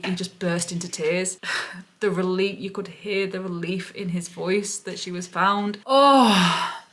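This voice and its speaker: A lower-voiced woman vlogger speaks with raw relief. She gushes and circles back to the same words again and again. She sounds emotional throughout. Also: a bit bright. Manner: gushing, repeats herself over and over. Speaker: parrot-keeping vlogger. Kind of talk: emotional vlog retelling.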